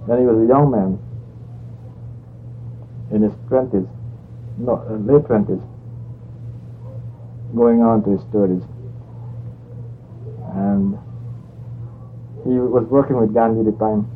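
A man's voice: fairly low pitch, takes it slowly, long pauses. A man telling a long anecdote in a rambling, conversational way, correcting himself as he goes. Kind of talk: anecdotal storytelling. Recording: tinny phone-like line, faint hiss.

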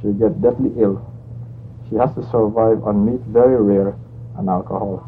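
A man's voice: on the low side, fairly even intonation, normal speed. A man telling a long anecdote in a rambling, conversational way, correcting himself as he goes. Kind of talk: anecdotal storytelling. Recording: tinny phone-like line, faint hiss.

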